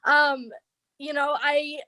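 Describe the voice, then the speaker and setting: A young woman sharing halting, tearful memories of her godmother on a video call. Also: high voice, little pitch movement, bright, forceful tone, no room sound. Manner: halting, many fillers, tearful. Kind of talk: emotional memorial tribute.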